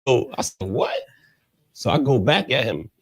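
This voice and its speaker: Very animated and fairly quick, a man narrates his story as a guest on an interview. Slang from the streets runs throughout, and when quoting people he acts their lines out, his pitch jumping up and down.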